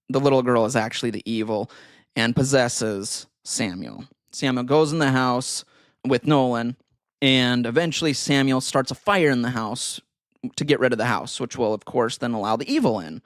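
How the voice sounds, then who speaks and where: A man's voice: medium pitch, dry recording, clean studio sound. A man on a podcast casually retelling a movie plot in a rambling way, full of fillers and self-corrections. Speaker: podcast co-host.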